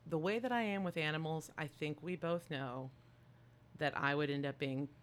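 A woman in casual chat about a film, animated and playful and swearing freely. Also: low voice, moderate pace. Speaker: podcast co-host.

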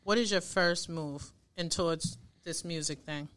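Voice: medium pitch, measured pace, fairly bright tone. A podcast host in casual chat, cutting in with short supportive remarks and questions. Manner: brief supportive interjections and questions.

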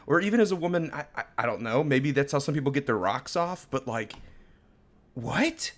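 Young male co-host, lively pitch, rambling casual chat that breaks into laughs. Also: moderate pace. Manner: rambling, laughs often mid-sentence. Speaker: podcast co-host.

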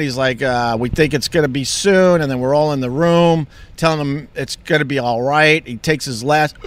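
Middle-aged man from Long Island, rambling candid monologue, slightly high bright voice, casual and unscripted. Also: smooth. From Long Island, New York. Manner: rambling, candid, swears freely. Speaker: vlogger.

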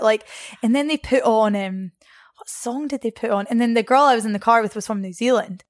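A young adult woman from Scotland, talking casually as a guest. She is chatty, laughs often and jumps up in pitch when she acts out what people said. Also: a little fast, no room sound, studio quality. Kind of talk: casual storytelling interview.

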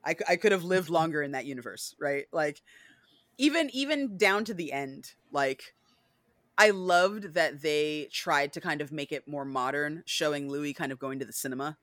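Bright-voiced woman, animated podcast chat. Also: low-pitched, moderate pace, no echo, studio quality. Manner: animated, many fillers, acts out scenes. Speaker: podcast host.

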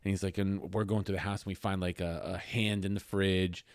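A man co-hosting a podcast in casual chat, an excitable storyteller with crude humor. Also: low voice, a little fast, no echo, studio quality. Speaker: podcast co-host.

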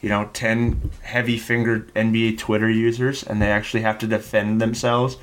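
A man's voice: on the low side, level tone, moderate pace. A Canadian man co-hosting a casual sports podcast, telling rambling, wry stories full of "like". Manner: wry, rambling storyteller with filler likes. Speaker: podcast co-host.

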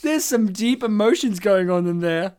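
A woman's voice: medium pitch, animated, moderate pace, warm tone, clean tone. A woman reading a review aloud to friends in a mock-dramatic way, stumbling over words and laughing.

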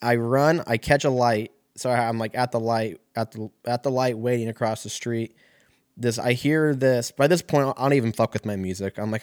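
A man's voice: mid-range voice, steady tone, moderate pace, darkish tone, dry recording, studio quality. A young man telling a rambling, profane story in a casual way, often laughing.

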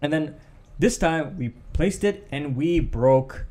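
A young man tells a story on a casual podcast and acts out the voices of the people in it. His voice sits a little high for a man. He talks in loose, run-on bursts. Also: slow. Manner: animated, acts out quotes with raised pitch. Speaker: podcast co-host.

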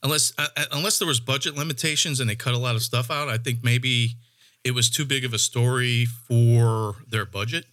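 A man's voice: medium pitch, a little fast. A man in casual chat about a movie, telling it with acted-out voices and cursing freely. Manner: animated storyteller, acts out characters, swears freely. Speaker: podcast co-host reviewing a movie.

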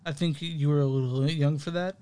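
Man, podcast co-host, casual chat, rambling, laughs often, higher pitch. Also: steady tone, brisk, dark tone, smooth. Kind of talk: casual chat about music.

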